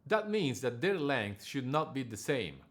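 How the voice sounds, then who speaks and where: A male diction coach delivers a scripted lesson for singers. He explains each point in a measured, precise way. His voice sits at a middle pitch for a man. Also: sing-song, a bit bright. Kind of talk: scripted instructional narration.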